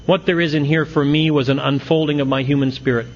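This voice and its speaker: A man's voice: on the high side, a little fast, few pauses, dull audio, slight background noise. Man telling a humorous recovery story. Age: middle-aged. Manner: storytelling with punchlines, acts out quotes. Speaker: AA speaker.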